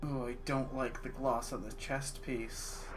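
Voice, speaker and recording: A man's voice: medium pitch, level tone, measured pace, soft background music. A man co-hosting a game stream, casual commentary with dry, joking quips. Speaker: co-host. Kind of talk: casual let's-play commentary.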